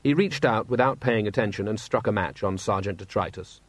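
A man reading a story aloud in a wry, steady narrating voice, acting out the characters. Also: fairly low pitch, brisk, dry recording. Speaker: audiobook narrator. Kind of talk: scripted narration.

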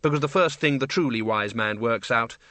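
A man narrating a comic fantasy audiobook with wry, lively storytelling. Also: medium pitch, a little fast, no room sound.

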